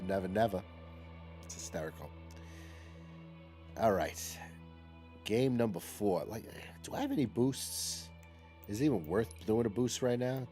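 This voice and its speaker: A man's voice: lowish voice, dark tone. A middle-aged man chatting casually while he streams a game as host, often repeating himself and asking "okay?". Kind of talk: casual live gameplay commentary.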